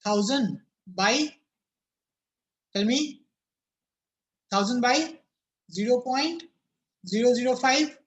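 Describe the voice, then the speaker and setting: A man's voice: very high voice, slow pace, long pauses, a bit bright. A man teaching a physics class over a video call, his voice cracking, repeatedly asking students "yes or no?" and telling them to think about it.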